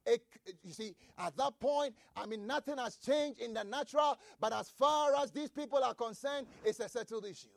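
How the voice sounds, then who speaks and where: A man delivering a sermon in a strikingly high voice with a gravelly edge, his scripture reading breaking into shouted, repeated lines. The sound is close and dry. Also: normal speed, hardly any pauses, dry recording. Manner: preaching with shouted emphasis and repeated phrases. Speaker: preacher.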